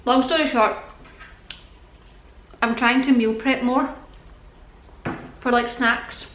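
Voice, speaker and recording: A woman's voice: on the high side, fairly even intonation, takes it slowly, fairly bright tone, slight background noise. A young British woman chatting casually to camera, out of breath and rambling, laughing often. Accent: British English. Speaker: vlogger. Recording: echoey room.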